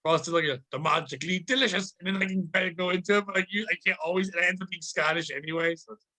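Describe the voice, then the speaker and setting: A man co-hosting a comedy podcast, excitable and profane, laughing often. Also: high voice, rapid-fire, poor audio. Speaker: podcast co-host. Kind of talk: casual comedic banter.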